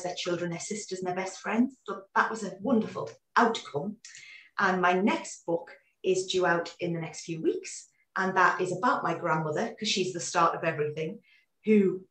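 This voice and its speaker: Woman in her forties, animated storyteller, video call guest, echoey room, a bit far from the mic. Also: lowish voice, normal speed. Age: 40s. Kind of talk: casual interview chat.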